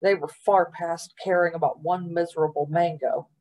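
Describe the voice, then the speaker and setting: A woman's voice: on the low side, fairly even intonation, moderate pace, darkish tone, poor audio. Woman reading a children's novel aloud. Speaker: library storytime reader.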